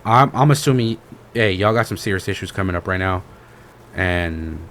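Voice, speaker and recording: A man co-hosting a podcast tells a loose, easygoing story full of fillers and slang like "bro." His voice sits low with a fairly bright tone, and there's slight background noise.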